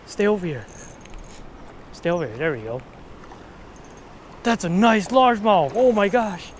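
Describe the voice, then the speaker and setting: An excitable man fishing at a river, talking to his viewers and a little out of breath, recorded outdoors on an action camera. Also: high voice, a little slow, pauses often, a little hiss or hum. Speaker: fishing vlogger. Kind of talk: casual fishing vlog.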